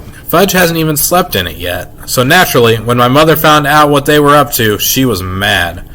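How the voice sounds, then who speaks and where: A man reads a children's chapter book aloud, telling it in a lively, expressive way. His voice sits at an everyday middle pitch. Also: slight background noise, poor audio. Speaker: reader. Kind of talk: reading a children's novel aloud.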